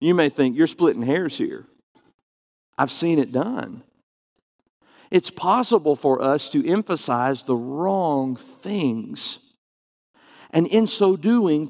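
Gravelly preacher in a reverberant church. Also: male voice, a little high, darkish tone. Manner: earnest, emphatic, varies pace for stress. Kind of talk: sermon. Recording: long reverb of a church hall.

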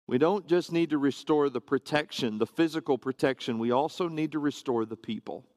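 A man's voice: a little high, dry recording, studio quality. Man preaching a conversational sermon. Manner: conversational, explanatory preaching with asides to the congregation. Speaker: pastor. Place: church sanctuary, standing on a carpeted platform.

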